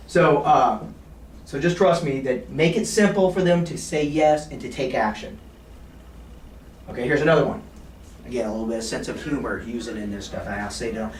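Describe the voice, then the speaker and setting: A man giving a sales training talk who acts out phone calls with clients in an animated way. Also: medium pitch, a little hiss or hum. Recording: roomy, from a distance, faint ambience.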